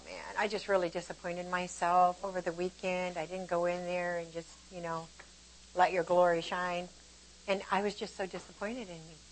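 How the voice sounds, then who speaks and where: Older woman, Bible teacher, lively storyteller who laughs easily. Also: lowish voice, poor audio. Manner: animated storytelling, laughs often. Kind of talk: informal sermon.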